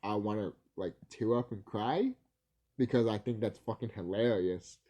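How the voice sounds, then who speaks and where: A man's voice: on the low side, normal speed, dark tone. A man vlogging casually, rambling and swearing, laughing easily and stumbling over his words. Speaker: video creator.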